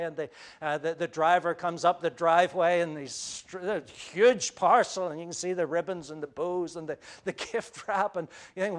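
Earnest high-voiced male preacher. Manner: earnest preaching with frequent restarts and fillers. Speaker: pastor. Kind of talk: sermon.

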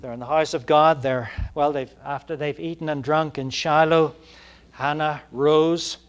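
Brief: male pastor, slightly high voice, chatty sermon delivery that swells into fervent stretches. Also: steady tone, a little slow, smooth. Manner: conversational, full of fillers, rising to passionate emphasis.

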